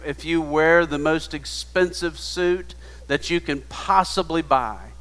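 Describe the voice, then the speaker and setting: A man preaching a sermon, retelling a story in a hushed voice that builds to emphatic appeals. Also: a little high, a little slow, few pauses. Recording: long hall reverb.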